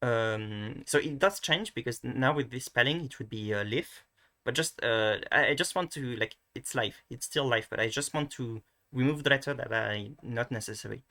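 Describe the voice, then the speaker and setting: A native French speaker with a French accent gives a casual, screen-recorded pronunciation lesson as a language tutor. His mid-range voice is bright and forceful, at normal speed with few pauses, yet his delivery is hesitant, full of restarts and fillers.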